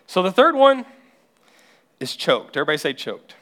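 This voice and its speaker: High-voiced animated preacher man. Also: normal speed, long pauses. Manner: animated storytelling preacher, acting out people's voices. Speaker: pastor. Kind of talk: sermon. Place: church.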